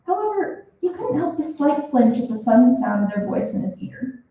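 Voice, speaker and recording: A young woman reading her own fiction aloud at a reading event, expressive and animated. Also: high-pitched, normal speed, gravelly. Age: young adult. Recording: roomy, from a distance.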